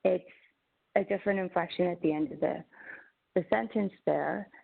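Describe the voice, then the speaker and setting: A woman's voice: lowish voice, normal speed, vocal fry, husky. A woman presenting a teaching webinar as a social worker, talking conversationally with frequent restarts over a video call. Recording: tinny phone-like webinar audio.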